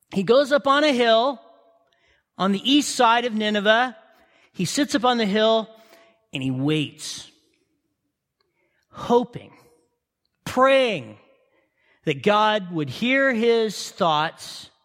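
A man with a high, bright, forceful voice preaches a sermon, pulling his listeners into the story with question after question. His voice carries a long reverb from a big hall. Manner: impassioned storytelling, repeated rhetorical questions.

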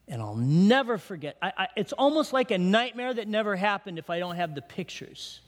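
Middle-aged man, pastor, high voice, emotional sermon storytelling, long hall reverb. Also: lively intonation, moderate pace, hardly any pauses. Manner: emotional storytelling, drops to hushed tones. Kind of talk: sermon testimony.

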